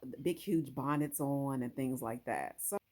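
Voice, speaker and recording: A woman's voice: very deep voice, a little slow, mellow. A woman hosting a casual how-to vlog, chatting straight to her viewers while she works with her hands. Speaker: hair vlogger.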